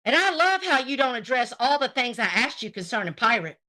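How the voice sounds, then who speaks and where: A woman's voice: a little high, sing-song, brisk, bright, forceful tone. A woman hosting a livestream, ranting at a rival in a profane, confrontational and sarcastic way while greeting her chat. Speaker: livestream host. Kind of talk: livestream rant addressing chat.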